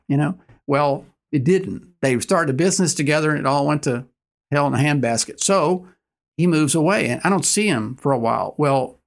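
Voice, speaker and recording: A man in his sixties, a guest telling stories in conversation, earnest and animated, acting out the dialogue. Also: on the high side. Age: 60s. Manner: earnest, animated storyteller who acts out dialogue. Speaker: guest, business owner. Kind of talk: conversational storytelling.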